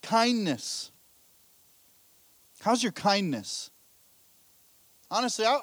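A man's voice: high voice, no echo. A middle-aged man preaching a sermon as pastor, telling candid, self-deprecating stories with a laugh.

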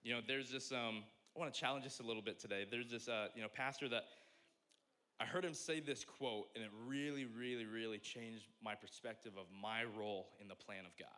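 A young pastor delivers a sermon in a medium-pitched voice, joking and full of energy. He swings between loud exclamations and quiet asides.

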